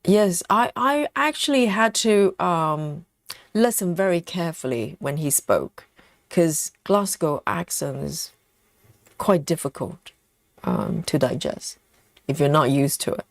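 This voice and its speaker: A woman hosts a relaxed craft livestream, reading out viewers' comments and answering them. Her voice moves lively up and down, but she talks slowly with plenty of pauses and small laughs. The sound is close and dry, with no room around it. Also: low-pitched, vocal fry, no echo. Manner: laughs often, chatty, repeats words while thinking. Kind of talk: casual chat reading live comments.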